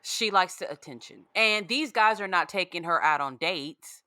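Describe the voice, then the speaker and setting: A woman's voice: fairly low pitch, lively intonation, normal speed, bright, forceful tone, no echo. A woman guesting on a podcast, chatting bluntly and swearing freely. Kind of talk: casual chat.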